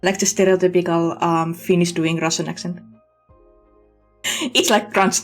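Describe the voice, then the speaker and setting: Chatty woman streamer, lively pitch. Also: unhurried, long pauses, faint music behind. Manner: chatty and candid, reacting with laughs. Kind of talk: casual game commentary.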